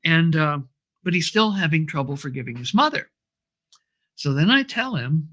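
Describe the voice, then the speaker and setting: A man recounting an anecdote in a relaxed interview, with a slightly raised pitch and frequent fillers. The audio is muffled and lo-fi. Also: normal speed, pauses often. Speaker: brainwave training instructor. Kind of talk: storytelling interview answer.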